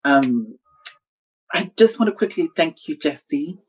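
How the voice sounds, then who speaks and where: A woman hosting a casual online chat show, lively and emotional, giving thanks. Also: low-pitched, takes it slowly, breathy edge, poor audio. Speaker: host.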